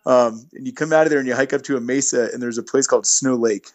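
A man's voice: medium pitch, steady tone, quick pace, darkish tone. A middle-aged man, a long-distance hiker, telling stories in an easygoing, rambling way as a podcast guest. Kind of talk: casual storytelling interview.

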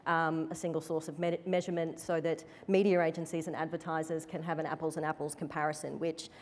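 A woman executive speaking on a conference panel, in a measured, careful corporate manner. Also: low-pitched, little pitch movement. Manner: measured, corporate, careful to avoid direct answers. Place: conference stage before an audience. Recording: reverberant conference hall.

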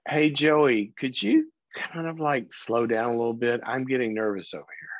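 A nervous mother in a speeding car, as a man acts her out in his own voice. She pleads, then turns firm, with lively swings in pitch. The sound is slightly dull and very dry. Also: normal speed, no room sound, lightly acted. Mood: pleading, firm.

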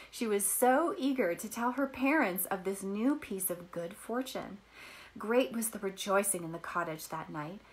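A woman reads a children's story aloud in a gentle storytelling voice. Her pitch moves in lively ups and downs, and she stops now and then to explain words to young listeners. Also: rough recording.

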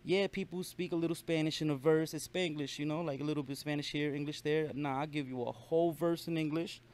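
Fast-talking young Brooklyn rapper. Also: male voice, a little high. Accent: New York. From Brooklyn, New York. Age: young adult. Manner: fast, animated street slang with frequent profanity. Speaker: rapper guest. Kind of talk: casual interview chat.

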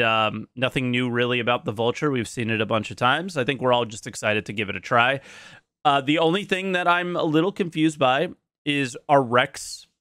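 A man reacts to a video on his stream in easy, casual talk, thinking out loud and circling back on his words. His voice sits at an ordinary middle pitch. It comes through a close microphone with a dry, dead sound and no room around it. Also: no echo. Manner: thinking aloud, with many restarts and hedges. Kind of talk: casual live-stream commentary.

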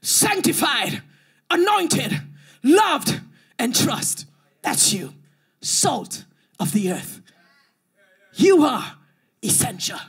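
A woman's voice: sits high, big pitch swings, drawn-out words, long pauses. A woman preacher delivering a fervent, rhythmic sermon with repeated phrases, calling on listeners to answer back.

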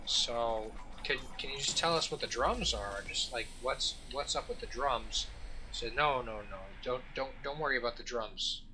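A man's voice: medium pitch, moderate pace, sharp tone, a little hiss or hum. A man hosting a let's play, telling a long joke and chatting casually in a rambling way. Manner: rambling, joking storyteller with fillers and restarts. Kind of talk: casual gameplay commentary.

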